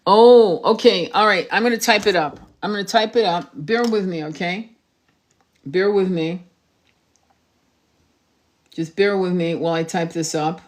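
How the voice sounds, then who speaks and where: A woman's voice: fairly low pitch, a little slow, pauses often. A woman hosting a casual livestream, talking while searching online, distracted and swearing, with many restarts. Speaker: tarot reader livestream host.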